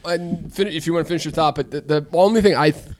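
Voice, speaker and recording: A man co-hosting a casual podcast chat, telling stories in an animated, exasperated way. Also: a little high, racing, a little hiss or hum. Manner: animated storyteller, exasperated rants. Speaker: podcast co-host.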